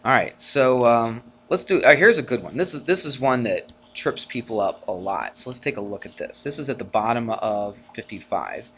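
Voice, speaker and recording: Speaking at normal speed with hardly any pauses, this man has a mid-range voice, and the recording carries a faint hiss or hum. He's a math teacher lecturing a college algebra class casually, posing rhetorical questions to students and animatedly acting out arguments in a rising voice.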